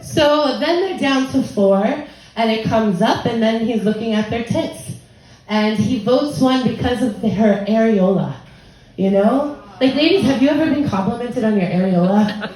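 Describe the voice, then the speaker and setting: On a comedy club stage, a thirty-something woman from the United States delivers bawdy, chatty stand-up, imitating the people she quotes. Her voice leans high with a darkish tone. Crowd laughter fills the echoey room.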